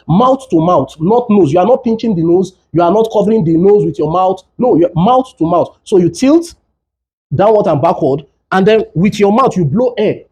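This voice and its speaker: This doctor's voice is high but dark in tone. He is a man teaching caregivers about health in an instructional session with a demonstration, and he keeps returning to earnest, urgent warnings.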